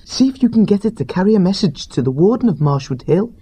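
A man voicing a determined young male mouse warrior, speaking in a hushed steady way, in a storybook reading. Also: high voice, fast talker, breathy edge, pitched above the performer's own voice, exaggerated voice. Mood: urgent.

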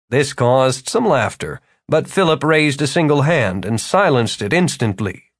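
A male narrator reading a fantasy audiobook with expressive storytelling. His pitch rises and falls a lot, sitting mid-range for a man. The sound is dry and close, with no room around it. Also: unhurried, few pauses, no echo. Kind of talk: scripted narration.

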